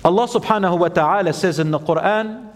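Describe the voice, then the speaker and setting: Male preacher, animated storyteller, chants verses, reverberant hall recording. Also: high voice, fairly quick. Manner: animated, acts out quotes, chants Quran verses. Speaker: Islamic preacher. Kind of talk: storytelling sermon.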